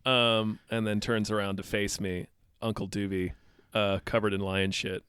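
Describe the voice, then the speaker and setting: A man co-hosting a podcast, telling an improvised comic story in halting, deadpan narration. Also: fairly low pitch, clear, resonant tone, dry recording, studio quality. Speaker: podcast co-host. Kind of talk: improvised comedic storytelling game.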